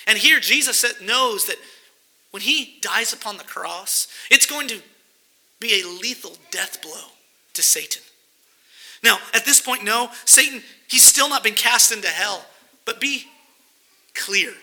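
A man's voice: high-pitched, expressive, a little slow, pauses often, sharp tone, poor audio. A man preaching a sermon, reading scripture verses aloud and explaining them with emphasis. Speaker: pastor.

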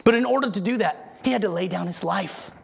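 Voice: mid-range voice, brisk, vocal fry, breathy edge. A preacher giving an emphatic sermon, asking the listeners rhetorical questions and sometimes restarting words.

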